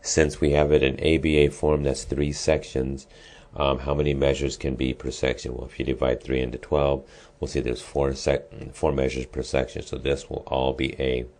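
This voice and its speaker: A man's voice: rumbling low, level tone, moderate pace, darkish tone. A man, a music teacher, explaining an assignment in a casual, step-by-step way with frequent ums and restarts. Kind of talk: screen-recorded lesson walkthrough.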